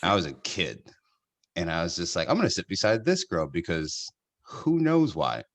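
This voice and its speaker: Male podcast host, very deep voice, chatty storyteller who laughs readily. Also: big pitch swings, normal speed. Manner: storytelling, laughs often, restarts sentences. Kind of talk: casual chat.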